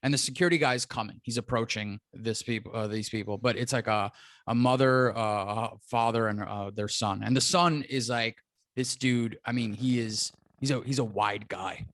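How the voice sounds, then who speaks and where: A man's voice: medium pitch, steady tone, moderate pace, fairly bright tone, dry recording, studio quality. A man telling a story in a casual podcast chat, acting out the people he quotes. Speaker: comedian guest.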